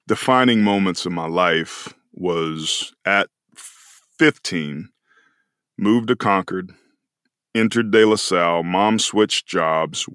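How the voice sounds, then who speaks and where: A man's voice: low-pitched, a bit bright, smooth, no room sound, studio quality. A man in his forties, a podcast guest telling a personal story in an earnest, emotional way. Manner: earnest and emotional, slowing down on key moments.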